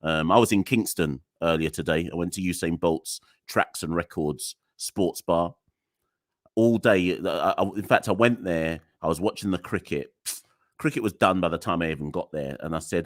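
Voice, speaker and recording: Weary man with a deep voice. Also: normal speed, dry recording, studio quality. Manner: weary, exasperated, sighing and laughing wryly. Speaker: podcast host. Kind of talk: live solo podcast rant.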